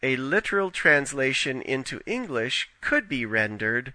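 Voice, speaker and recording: A man reads a scripted scripture study slowly and deliberately, setting each quotation apart with care. His voice is bright and forceful, and it sounds close and dry, with no room sound around it. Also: mid-range voice, very animated, no room sound. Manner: measured, deliberate reading with careful quotations. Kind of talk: scripted narration.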